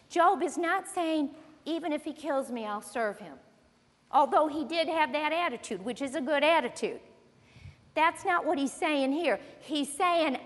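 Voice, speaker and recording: A woman's voice: high voice, unhurried. A woman preaching a sermon, teaching earnestly and emphatically as she reads scripture aloud. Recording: long reverb of a large hall.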